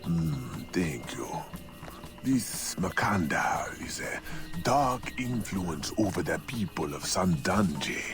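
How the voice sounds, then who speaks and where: An actor playing a solemn, mysterious male witch doctor in a video game, speaking slow, grave warnings and sometimes whispering. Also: low-pitched, sing-song, heavily acted. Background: game music.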